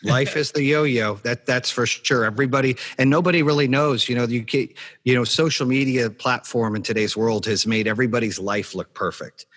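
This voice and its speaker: A man's voice: medium pitch, fairly even intonation, fairly quick, a bit bright. A man hosting a podcast interview, speaking in an encouraging, motivational way in casual chat. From Arizona, USA. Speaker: podcast host.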